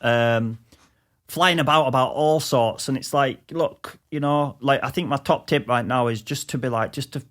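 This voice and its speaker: A man's voice: mid-range voice, moderate pace, fairly bright tone. Teasing man on a podcast. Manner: teasing, rambling with many restarts. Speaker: podcast co-host. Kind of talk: casual podcast chat.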